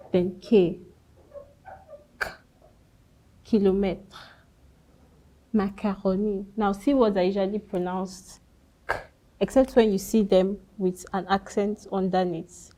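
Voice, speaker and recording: A woman's voice: medium pitch, steady tone, unhurried, warm tone. A woman teaching French pronunciation, speaking carefully and repeating each example word. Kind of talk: slow pronunciation lesson.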